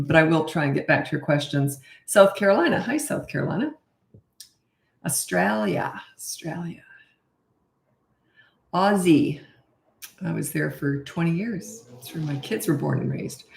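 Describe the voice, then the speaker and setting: A woman's voice: on the low side, vocal fry. A woman who is a parenting coach, chatting casually and rambling on a live stream, laughing often. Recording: echoey room.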